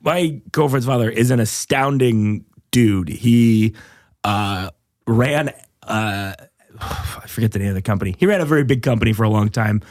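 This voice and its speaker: A man's voice: lowish voice, normal speed, a little mellow, no echo, clean studio sound. A man hosting a casual podcast chat, rambling loosely, swearing freely and laughing often. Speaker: podcast host.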